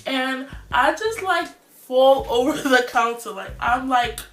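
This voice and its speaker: A woman in her twenties from New York, telling a storytime vlog story in an animated, slangy way and acting out scenes. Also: sits high, slow pace, distant mic. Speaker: vlogger. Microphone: phone or tablet camera. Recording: roomy, off-mic, faint music.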